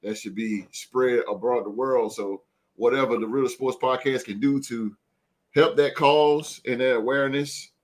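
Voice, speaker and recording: A man's voice: medium pitch, steady tone, unhurried. A man hosting a sports podcast in a loose, hyped way, tagging his lines with "man" and "son.". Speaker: podcast host. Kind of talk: casual sports talk.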